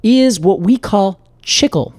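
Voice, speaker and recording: A man co-hosting a podcast, telling the story in a playful, animated way in casual chat. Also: sits high, takes it slowly, dry recording, studio quality. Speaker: podcast co-host.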